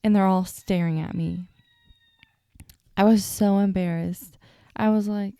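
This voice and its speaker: Young woman podcast host, sleepy, chatty and self-mocking, mellow gravelly tone, dry close sound. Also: mid-range voice, steady tone, unhurried, pauses often, dry recording. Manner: chatty, self-deprecating, stutters at times. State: sleepy, yawning. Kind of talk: casual solo storytelling.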